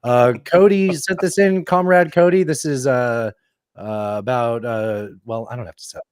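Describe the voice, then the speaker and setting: A man's voice: mid-range voice, measured pace, clean tone, dry recording, clean studio sound. A man hosting a podcast in casual chat, rambling and joking with lots of fillers. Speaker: podcast host. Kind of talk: casual chat, playing clips.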